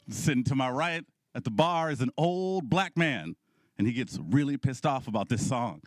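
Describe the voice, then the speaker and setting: A man hosting a comedy showcase, telling stand-up stories with quick audience asides. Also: mid-range voice, no echo. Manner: animated storytelling with audience asides. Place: comedy club stage.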